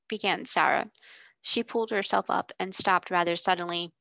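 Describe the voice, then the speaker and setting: Woman reading a novel aloud, gravelly. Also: on the low side, moderate pace, bright, forceful tone, no echo, rough recording. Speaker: reader. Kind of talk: audiobook narration.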